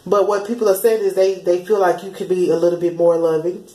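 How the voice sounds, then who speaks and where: A woman's voice: fairly low pitch, level tone, fairly quick, dark tone, echoey room, poor audio. A woman, chatting casually as she passes on spiritual channeled messages, often slipping into quoted voices. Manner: chatty, laughs often, slips into sung lines and quoted voices.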